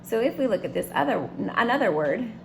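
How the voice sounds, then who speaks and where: A woman's voice: fairly high pitch, very animated, fairly quick, vocal fry, slight background noise. A woman teaching a phonics lesson, writing words and explaining each one step by step in a patient way.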